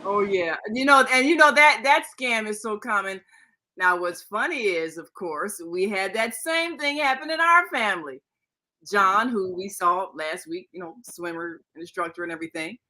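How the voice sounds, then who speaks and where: A woman's voice: medium pitch, animated, moderate pace, sharp tone, rough recording. An older woman and co-host, rambling through a family story in casual chat with many restarts.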